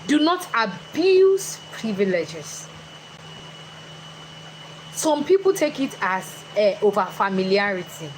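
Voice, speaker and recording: A woman's voice: high voice, a little hiss or hum, poor audio. A woman giving a chatty motivational talk, questioning her live audience directly. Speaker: motivational speaker.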